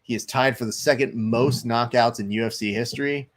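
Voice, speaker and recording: A man's voice: mid-range voice, fairly even intonation, a little fast. A man hosting a live stream, chatting loosely, reading viewer comments aloud and commenting on fights. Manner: loose, chatty, swearing, reads chat aloud.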